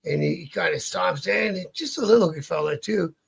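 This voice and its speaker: This man's husky, gravelly voice sits on the high side for a male, and he speaks at a normal speed. Appearing as a guest in an interview, he spins a long, meandering story full of casual profanity, tripping up and starting over again and again.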